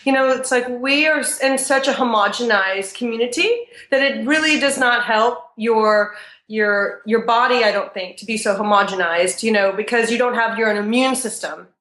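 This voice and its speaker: A higher-voiced woman from Texas talks as a podcast guest, rambling through her travel stories. She drifts from one tangent to the next and acts out what people said to her. The room gives her voice a noticeable echo. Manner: rambling, animated, acts out other people's lines. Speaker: interview guest. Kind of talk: casual travel storytelling. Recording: roomy echo.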